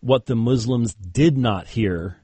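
A man's voice: medium pitch, slow, dark tone, husky, no echo. A man who is a guest on an interview, a Christian debater telling a story casually with many fillers and chuckled asides. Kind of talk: conversational interview.

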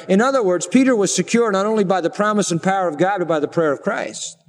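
Man, sermon, high voice, slow emphatic repetition, long hall reverb. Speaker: preacher.

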